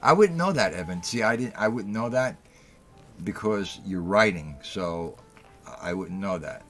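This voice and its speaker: A middle-aged man with a low, deep voice hosts a casual talk show. He tells his stories bluntly and heatedly, swears freely and repeats lines to drive them home. Faint music plays behind him. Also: unhurried, fairly bright tone. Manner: heated storytelling, blunt and profane, repeats himself for emphasis. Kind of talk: casual call-in show monologue.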